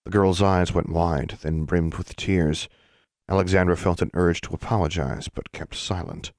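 A man reads a fantasy audiobook in a steady, even storytelling manner. His voice sits deep, and the recording is close and dry. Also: moderate pace, no echo. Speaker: narrator. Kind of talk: audiobook narration.

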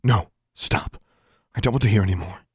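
A man's voice: lowish voice, normal speed, husky, no room sound, studio quality. A man voicing a weary ordinary mother, clipped and guarded. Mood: sharp. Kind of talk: audiobook character voice.

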